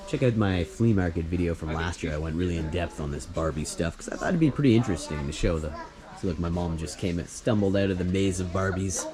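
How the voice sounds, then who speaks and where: A man talks fast in a low voice while vlogging his wander through an indoor flea market. Store music plays behind his easygoing narration and musings on what he sees.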